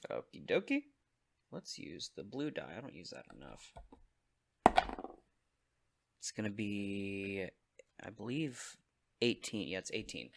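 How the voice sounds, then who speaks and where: A man playing a tabletop game, speaking casually and relaxed, with fillers. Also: on the low side, slow, creaky, long pauses, slight background noise. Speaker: player.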